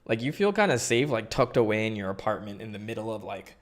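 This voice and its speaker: A man's voice: lowish voice, animated, quick pace. Young male streamer, casual rambling chat, easy laughter. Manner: rambling, filler-heavy, laughs often. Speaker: streamer host.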